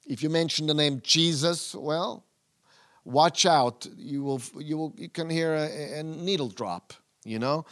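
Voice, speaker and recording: A man's voice: fairly high pitch, fairly bright tone, smooth. A man preaching a sermon, earnest and emphatic but conversational.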